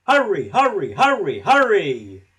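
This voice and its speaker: A man's voice: high-pitched, huge pitch swings, measured pace, fairly bright tone, slightly rough, pitched above the performer's own voice, full character voice, rough recording. A man voicing a big boastful male express engine that gloats and teases in a storybook reading. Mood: impatient. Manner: gloating, teasing. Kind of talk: storybook character voice.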